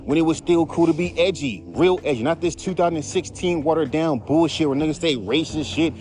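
A man's voice: on the high side, fairly quick, darkish tone, soft background music. A man who raps, ranting in a casual, profane, heated way on his podcast. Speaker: podcast host, rapper. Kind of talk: casual rant.

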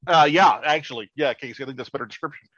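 A man's voice: medium pitch, a bit bright, no room sound. Blunt man, dull lo-fi podcast audio. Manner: halting, crude and blunt. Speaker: podcast co-host. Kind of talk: casual chat.

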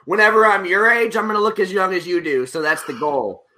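A man's voice: sits high, a little fast, sharp tone. A man chatting casually as a podcast guest, easygoing and joking.

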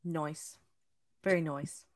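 A woman's voice: low-pitched, fairly even intonation, takes it slowly, dry recording. A woman co-hosting a podcast in casual chat, mostly giving dry, teasing short replies.

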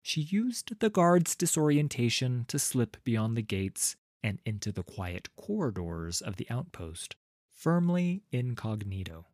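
A man reading a fantasy story aloud as narrator, in a lively, unhurried way. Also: medium pitch, dry recording, studio quality.

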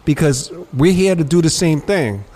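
Male podcast host with a slightly raised pitch; candid, rambling storyteller with frequent restarts. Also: expressive, normal speed, warm tone. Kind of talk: casual chat.

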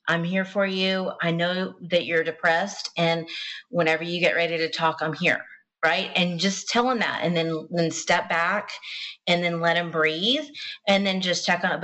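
A woman's voice: on the low side, a bit bright, rough recording. A woman with a Southern American accent, a psychic guest on a call-in show, talking in a folksy way and calling callers honey. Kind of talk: call-in radio readings.

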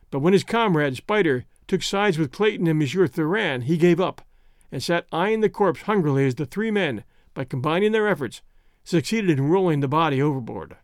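Man reading a story, fairly high voice. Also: no room sound, clean studio sound. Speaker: audiobook narrator. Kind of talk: scripted narration.

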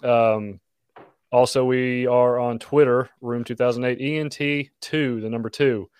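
A laid-back male podcast host with a smooth, resonant voice, easing through channel plugs with plenty of "uh"s and "um"s. His voice sits at an everyday middle pitch, and the close mic sounds dry with no room around it. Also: a little slow, dry recording. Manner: relaxed, plugs channels with filler words. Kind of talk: casual chat.

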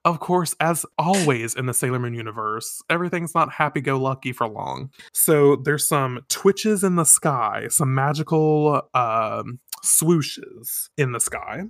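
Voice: mid-range voice, unhurried, hardly any pauses, no room sound. A podcast co-host giving a chatty, giggly, swear-filled recap of a comic.

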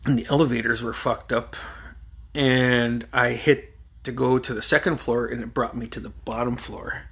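Man, gravelly, mid pitch, casual chat, swearing, rambling anecdotes. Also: normal speed. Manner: profane, rambling, lively anecdotal delivery.

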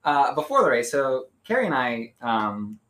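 A man's voice: medium pitch, big pitch swings, normal speed, fairly bright tone. A man co-hosting a casual podcast chat about running. He rambles with many fillers and pokes fun at himself. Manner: rambling, lots of fillers like "like" and "um", self-deprecating. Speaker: podcast co-host.

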